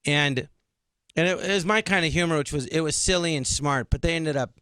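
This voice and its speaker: A man's voice: fairly high pitch, a little fast, clear, resonant tone, dry recording. Middle-aged man telling stories animatedly. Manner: animated, acts out quoted dialogue. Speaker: guest comedian. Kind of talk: casual interview storytelling.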